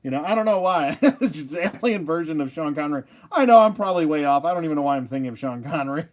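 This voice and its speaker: A man's voice: a little high, expressive, fast. A man casually rambling about his toy collection, joking, laughing and losing his train of thought.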